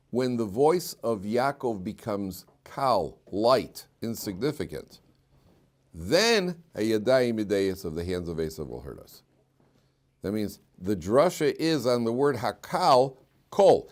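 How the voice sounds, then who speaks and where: A middle-aged man, a rabbi giving a Torah class, speaks in a lowish voice with animated swings in pitch. He stretches important phrases slowly and loudly and quizzes his listeners. For wry asides he drops low and quiet.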